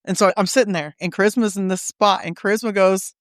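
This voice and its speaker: A fast-talking woman with a mid-range voice comes through in clean studio sound without room sound. On a podcast in the studio, she shares casual stories animatedly, cursing freely and voicing other people's lines in shifting tones.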